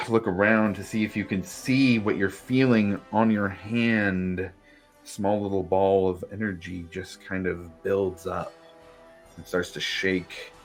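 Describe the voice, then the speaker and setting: A man narrating a tabletop game as game master, describing scenes loosely with fillers. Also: low-pitched.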